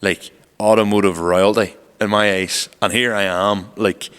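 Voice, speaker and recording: Guy rambling on a podcast, lowish smooth voice, bit of reverb. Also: flat delivery, a little slow, fairly bright tone. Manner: rambling storyteller, lots of "like" fillers. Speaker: podcast co-host. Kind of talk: casual chat.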